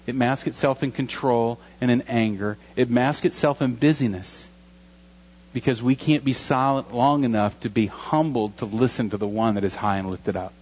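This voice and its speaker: A man's voice: medium pitch, a little mellow, muffled recording. A pastor in his forties giving an earnest, conversational sermon with a few jokes. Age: 40s.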